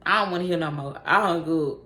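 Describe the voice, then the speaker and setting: A woman vlogger telling a casual story in a blunt, profane, animated way, recorded in an echoey room with faint noise. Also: lowish voice, fast.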